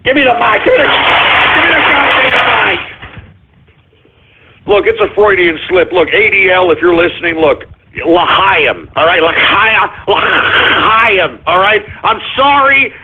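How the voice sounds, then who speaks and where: A man hosting a comedic call-in radio show, ranting frantically, swearing and shouting apologies over and over. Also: sits high, expressive, slow, heavy background noise. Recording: tinny phone-like audio.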